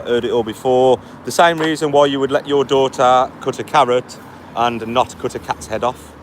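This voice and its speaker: Tired from a long walk outdoors by a street, a man reads live chat aloud and fires back blunt, mocking retorts in casual live-stream talk. His medium-pitched voice stays fairly even at a moderate pace, with faint street noise behind.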